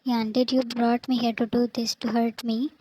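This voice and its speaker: A woman's voice: fairly high pitch, little pitch movement, moderate pace, dark tone, slight background noise, lightly acted, rough recording. Woman reading as a frightened young girlfriend. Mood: pleading. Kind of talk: scripted fanfic reading.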